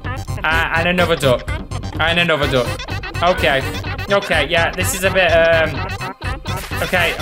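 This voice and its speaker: Excitable man commentating a game. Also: sits high. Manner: excitable, shouts at the game character. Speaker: gaming video host. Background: game music.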